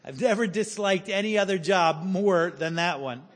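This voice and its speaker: High-voiced preacher in his forties. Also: in a large hall. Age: 40s. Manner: storytelling with humor, slows for emphasis. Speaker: pastor. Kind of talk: sermon.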